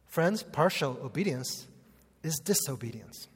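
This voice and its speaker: A man's voice: fairly high pitch, animated, a little slow, breathy edge. A man preaching a sermon, earnest and conversational, with casual fillers mixed into the teaching. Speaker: pastor. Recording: long hall reverb.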